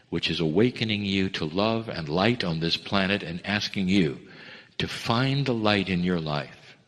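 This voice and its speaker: A man delivering a channeled spiritual message, measured and earnest, addressing listeners as dear ones. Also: low-pitched, a bit bright. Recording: long reverb of a hall.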